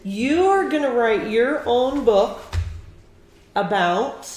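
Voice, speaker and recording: A woman's voice: on the high side, animated, very slow, darkish tone. A woman teacher giving a one-on-one beginning reading lesson, patient and encouraging, with lots of praise. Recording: echoey room with faint noise.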